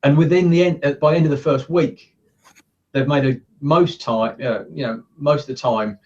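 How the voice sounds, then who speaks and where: A man's voice: a little high, moderate pace, a little mellow. A man speaking as a coaching guest in a casual interview from his office, earnest and acting out the thoughts he quotes. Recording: distant, muffled sound.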